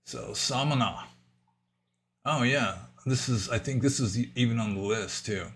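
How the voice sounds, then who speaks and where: A man answering viewer questions on a livestream, thinking aloud in a casual, rambling way with pauses and asides. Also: medium pitch, a bit bright, a little hiss or hum. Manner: musing, thinking aloud with fillers and trailing asides. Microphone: livestream microphone.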